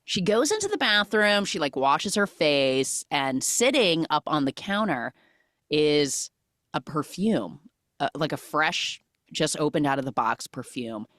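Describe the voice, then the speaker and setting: Host, woman, lowish voice, very expressive pitch, dry close sound, chatty storyteller. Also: measured pace, dry recording. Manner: animated storytelling with frequent "like" fillers. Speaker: podcast host. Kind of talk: casual film recap.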